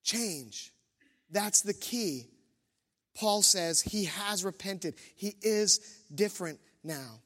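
Male pastor, thirties, high voice, self-deprecating storyteller, church hall with long reverb. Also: slow pace, fairly bright tone. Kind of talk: sermon with personal story.

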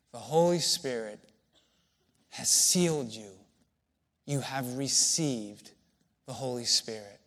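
A man preaching a sermon as pastor, slow and deliberate, with emphatic pauses between phrases. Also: on the high side.

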